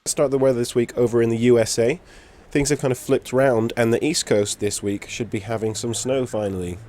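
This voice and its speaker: A man presenting the snow forecast in a relaxed, casual way, with a few "uh"s. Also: mid-range voice, a little fast, over music. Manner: relaxed, filler-heavy delivery.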